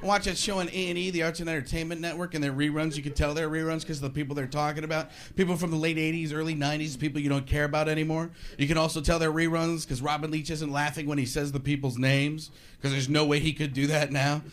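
A man doing a ranting, animated stand-up comedy set on a live stage. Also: on the high side, quick pace, few pauses. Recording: live club with audience noise.

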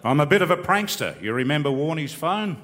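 A middle-aged Australian man with a laconic, self-mocking manner tells a rambling comic story, then launches into rhyming bush verse. His pitch swings widely as he performs. The sound carries a long, reverberant hall tail. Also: expressive, brisk, a bit bright.

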